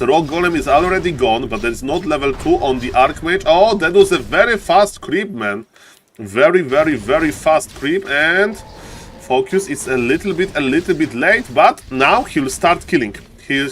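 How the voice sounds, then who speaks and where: Excitable male game caster, higher voice. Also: a little hiss or hum. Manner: excitable, repeats phrases, often says "ladies and gentlemen". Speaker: esports caster. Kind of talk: live game commentary.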